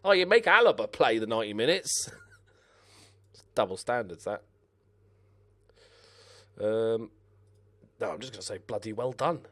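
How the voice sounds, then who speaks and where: An excitable young man talks his way through a football management game, swearing and shouting at his players. His voice swings widely in pitch, leaping up with every near miss. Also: unhurried, long pauses. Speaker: gaming commentator. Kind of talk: casual let's-play commentary.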